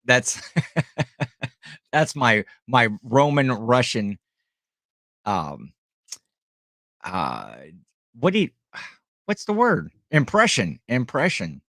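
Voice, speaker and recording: A man's voice: medium pitch, huge pitch swings, slow pace, pauses often, fairly bright tone, no echo, studio quality. A middle-aged man from Ohio hosting a casual live stream at home, rambling and greeting viewers by name.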